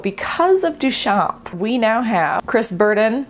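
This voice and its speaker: A woman's voice: on the high side, big pitch swings, slow, few pauses. A young woman who is an artist, explaining art history in a chatty, playful, self-mocking way. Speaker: artist and video host.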